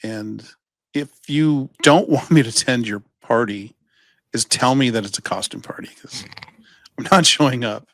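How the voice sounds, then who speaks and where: This man is co-hosting a podcast in relaxed conversation, speaking at medium pitch and a moderate pace in a dry recording. His storytelling wanders playfully, and he often starts sentences over.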